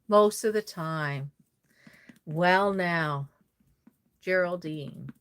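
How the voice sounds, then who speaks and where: A woman's voice: fairly low pitch, very slow, clear, resonant tone. A woman from Nova Scotia, chatting casually on a live stream, rambling and reading out viewer comments as she works on a doll. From Nova Scotia, Canada.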